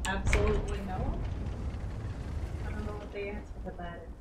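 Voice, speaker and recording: A woman chiming in with quiet, offhand remarks during a game stream. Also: medium pitch, fairly even intonation, brisk. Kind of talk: casual gaming chat. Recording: distant, roomy, very noisy.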